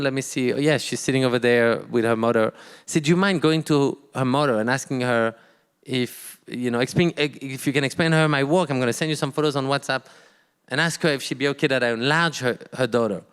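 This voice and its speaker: A man's voice: mid-range voice, fairly bright tone, clean tone, in a large hall. Man telling a story. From France. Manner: halting, many restarts and quoted dialogue. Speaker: artist guest. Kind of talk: storytelling in a live talk.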